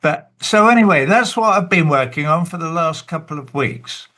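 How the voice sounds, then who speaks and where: An older man on a video call, a songwriter talking about his song in an unhurried, emotional way. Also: fairly high pitch, expressive, sharp tone. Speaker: songwriter guest. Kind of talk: casual talk on a webinar call.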